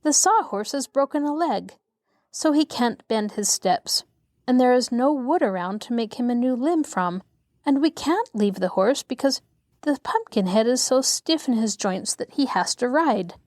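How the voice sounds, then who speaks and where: A woman's voice: on the high side, expressive, measured pace, darkish tone, no room sound, clean studio sound, voice pushed up. A woman reading aloud as an earnest young boy explaining a problem to his friends.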